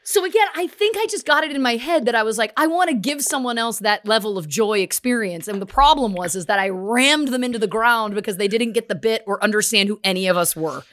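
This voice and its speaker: A young adult woman co-hosting a casual chat podcast, with a fairly high voice that swoops up and down as she retells a story. She acts out the people in her story with lively quoted voices and laughs often. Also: quick pace, few pauses. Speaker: podcast co-host. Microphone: remote call.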